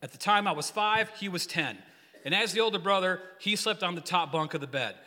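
Man, youth pastor, joking rambling sermon, bright and high, church hall echo. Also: a little fast. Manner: joking, energetic, rambling storyteller. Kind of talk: casual sermon with congregation call-and-response. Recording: long hall reverb.

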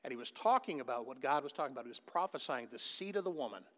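A man's voice: medium pitch, expressive, fast talker. Emphatic male pastor, preaching in reverb. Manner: emphatic preaching with calls to the congregation. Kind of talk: sermon. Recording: long hall reverb.

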